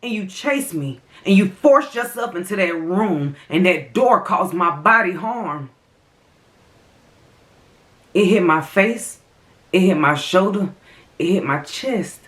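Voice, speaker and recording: This young adult woman's voice is on the low side and expressive, with a slow pace and long pauses. Vlogging a mukbang, she addresses her viewers head-on with heated, emotional commentary.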